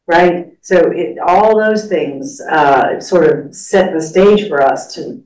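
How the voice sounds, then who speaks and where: A class leader with a medium-pitched, slightly mellow voice speaks slowly while teaching a church study class, rambling conversationally with lots of fillers. The recording is echoey, with the speaker far from the mic.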